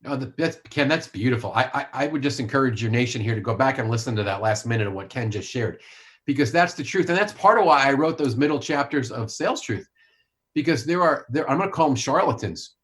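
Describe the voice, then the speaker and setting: A man's voice: mid-range voice, lively intonation, quick pace, a bit bright. Blunt, emphatic male sales coach. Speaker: sales author and coach, podcast guest. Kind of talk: podcast interview answer.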